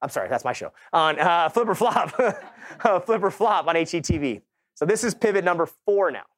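A man's voice: high voice, lively intonation, normal speed. A middle-aged man giving a motivational conference talk, telling his story casually with quoted dialogue and asides to the audience. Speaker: keynote speaker. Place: conference stage.

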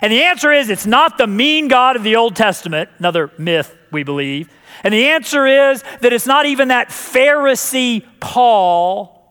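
Man, pastor, sermon, high voice, jokey, stumbles and restarts, long hall reverb. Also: a bit bright, smooth. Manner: jokey, with repeated words and restarts.

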